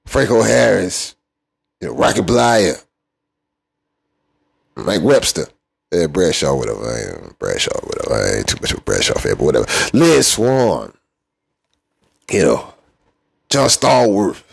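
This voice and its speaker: A man's voice: low-pitched, very animated, measured pace, creaky, pauses often, slightly rough. A middle-aged man hosting a podcast, ranting casually and teasingly about football rivals, laughing often and trailing off into mumbles. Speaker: podcast host. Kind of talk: casual sports rant.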